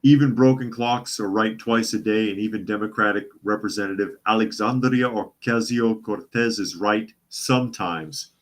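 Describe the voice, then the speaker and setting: A man's voice: lowish voice, moderate pace, hardly any pauses. A man hosting a casual news commentary show, sarcastic and often repeating his phrases for emphasis. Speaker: host.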